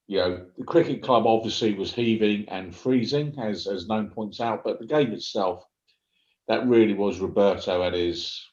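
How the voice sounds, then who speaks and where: A man's voice: on the low side, darkish tone. A man chatting loosely as a guest on a casual football chat over a remote call. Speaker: panel guest. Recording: roomy, dull remote call audio.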